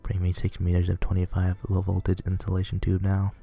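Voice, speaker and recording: A stern boss with curt, blunt orders, as a man reads him aloud. The voice is deep and flat, dark and husky. Faint music sits under it. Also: brisk, heavily acted. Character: gruff, stern older male work boss. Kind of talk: reading a visual novel aloud.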